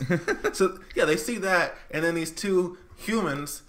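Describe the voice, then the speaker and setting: An animated man hosts a loose, comedic podcast conversation, swearing freely and breaking into laughter. His voice is bright and forceful, sitting a little high for a man. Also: unhurried. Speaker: podcast host. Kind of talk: casual comedic chat.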